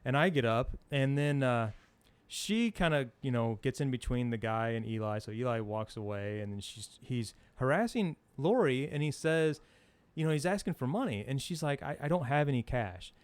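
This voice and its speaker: A middle-aged man co-hosting a podcast in casual chat, rambling through an animated story with plenty of fillers. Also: mid-range voice, moderate pace, clean tone, no room sound. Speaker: podcast co-host.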